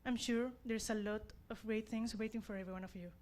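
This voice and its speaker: A woman's voice: a little high, steady tone, fast, a little mellow. A young woman who is not a native English speaker, giving an earnest, self-deprecating graduation speech as class representative.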